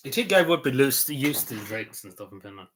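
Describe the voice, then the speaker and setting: A man's voice: medium pitch, big pitch swings, a little fast, fairly bright tone, a little hiss or hum. Rambling Irish man chatting casually. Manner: meandering, full of ums and likes. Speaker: streamer.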